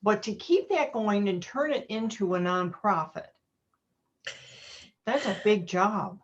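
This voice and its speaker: A woman's voice: medium pitch, lively intonation, takes it slowly, dull audio. A woman hosting an online interview, encouraging her guest with frequent affirmations and reflective remarks. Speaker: interview host. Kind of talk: casual interview chat. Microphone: video call.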